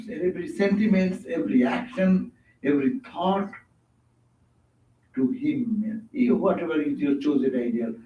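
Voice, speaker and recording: A man's voice: on the high side, slight background noise. A man giving a devotional sermon as a monk, telling stories and often stopping to search for words, with rhetorical asides. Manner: storytelling, asks rhetorical "No?" and "Huh?"; halting, restarts and searches for words. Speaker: monk giving a spiritual talk. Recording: echoey, distant, dull hall recording.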